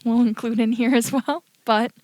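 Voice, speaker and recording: A woman with a fairly high voice co-hosts a casual podcast and chats quickly and agreeably. The recording is dry and close to the mic. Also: steady tone, a little mellow, no echo. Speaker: podcast co-host. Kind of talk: casual chat.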